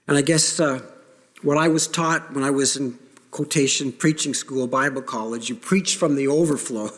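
Male pastor, slightly higher voice, emphatic sermon delivery, long church-hall reverb. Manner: earnest, emphatic preaching with pauses. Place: church sanctuary.

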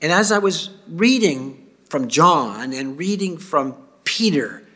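A man giving a sermon, reading scripture aloud with feeling and dropping to quiet asides. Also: fairly high pitch, lively intonation, takes it slowly. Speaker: preacher.

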